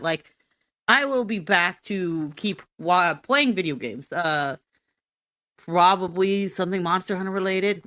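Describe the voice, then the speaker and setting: A woman's voice: mid-range voice, a bit bright, no echo. A woman streamer doing a silly, rambling, self-mocking be-right-back rant.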